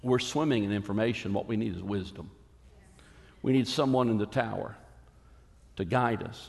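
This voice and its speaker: A man preaching a sermon as a pastor, earnest and emphatic, with dramatic pauses. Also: fairly low pitch, vocal fry, big-room sound.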